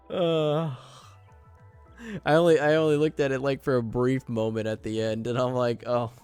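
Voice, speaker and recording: A male game streamer rambles to his chat, breaking into laughter and tripping over his words. His pace is slow and his pitch sits in the middle, with faint game music in the background. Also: darkish tone, smooth. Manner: rambling, laughs often, flustered. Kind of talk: casual live-stream chat.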